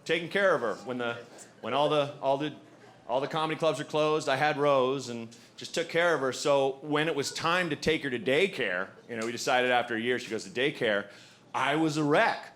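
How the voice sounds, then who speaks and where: A man in his forties doing a stand-up comedy set, telling animated stories, acting out voices and swearing freely. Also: mid-range voice, brisk. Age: 40s. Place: comedy club stage. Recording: live club recording with audience noise. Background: audience laughter.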